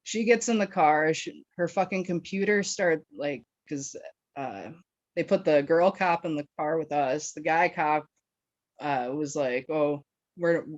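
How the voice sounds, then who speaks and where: A woman's voice: sits low, measured pace, dry recording. Profane, rambling woman on a dull recording. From Wisconsin. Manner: profane, rambling, laughs often, filler-heavy. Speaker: podcast guest. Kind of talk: casual storytelling.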